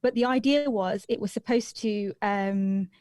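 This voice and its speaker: A woman's voice: mid-range voice, unhurried, darkish tone, dry recording. A young woman from Leicester, a radio guest telling her story in a chatty way with many ums. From Leicester, England. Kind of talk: interview answers.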